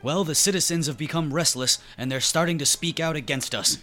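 Guy playing a groveling henchman, eager and deferential, bit louder than usual. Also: fairly high pitch, a little fast, soft background music. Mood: servile. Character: servile male henchman reporting to his master.

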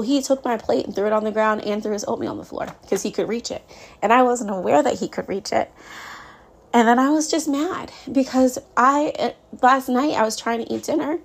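Candid, venting mom podcaster with gravelly voice. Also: female voice, mid-range voice. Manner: candid and venting, with frequent laughs. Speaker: podcast host. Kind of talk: casual podcast monologue.

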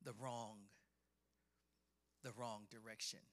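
A man preaching a sermon, reading scripture with dramatic emphasis and building from quiet passages to shouting. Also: mid-range voice, flat delivery, slow. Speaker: pastor.

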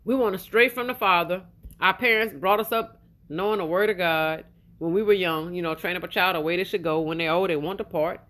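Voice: medium pitch, steady tone, brisk, fairly bright tone. Rambling, casual preacher. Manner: casual, rambling, fillers like 'you know' and 'y'all'. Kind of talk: informal sermon retelling a parable.

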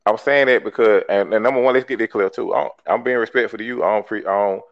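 A man's voice: fairly low pitch, fast talker. A talk show host, arguing emphatically and bluntly, swearing and repeating himself to make his point. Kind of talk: heated call-in debate. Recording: dull lo-fi podcast audio.

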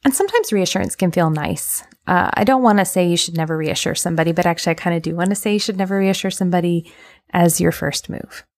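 A woman hosting a podcast, talking through relationship advice in a gentle, earnest way with plenty of ums and uhs. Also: on the low side, quick pace. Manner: gentle, earnest, filler-heavy explanation. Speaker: podcast host. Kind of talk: casual advice podcast monologue.

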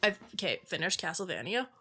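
A young woman co-hosting a podcast in casual chat, giggly and gushing, leaning on "like" a lot. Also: mid-range voice. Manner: giggly, gushing, heavy use of "like". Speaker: podcast co-host.

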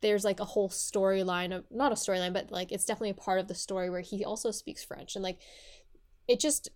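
A woman's voice: mid-range voice, fairly even intonation, fast talker, darkish tone. A young woman co-hosting a casual podcast talks through a book and its series. Her speech is loose and chatty, full of "like" and half-started sentences. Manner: chatty, many fillers and restarts. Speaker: podcast co-host.

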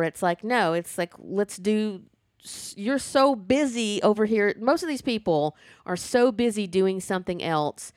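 A woman chatting casually about a TV show, animated and talkative with playful sass. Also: mid-range voice, a little slow, no room sound, studio quality. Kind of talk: casual chat reviewing a TV show.

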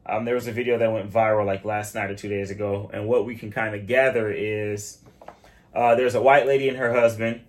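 A man's voice: lowish voice, a little fast. A man from Michigan co-hosting a podcast, chatting casually and telling stories in quoted voices. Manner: animated storytelling with quoted voices. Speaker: podcast co-host. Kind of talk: casual chat.

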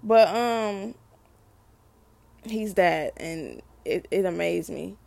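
A woman's voice: lowish voice, extremely slow, vocal fry, a little mellow. A middle-aged mother sharing an unscripted faith testimony, speaking earnestly to listeners and often repeating and restarting her phrases.

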